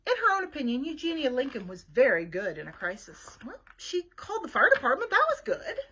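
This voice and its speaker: Librarian lady reading a kids book on a webcam, high bright voice, a bit breathy, chats about the pictures. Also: wildly swooping pitch, a little fast. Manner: chatty asides to young listeners, showing pictures. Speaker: children's librarian. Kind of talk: reading a storybook aloud to children.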